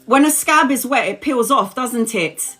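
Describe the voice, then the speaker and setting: A woman's voice: on the high side, expressive, unhurried, bright, forceful tone, faint music behind. A woman in her forties telling a story casually on a live stream, laughing often and swearing freely, then giving a tarot reading. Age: 40s. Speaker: tarot reader.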